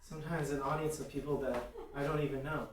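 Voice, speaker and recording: A woman's voice: low-pitched, fast talker. Woman narrating improv moves, echoey distant room. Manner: deadpan narrating her own scene moves. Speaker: improv performer.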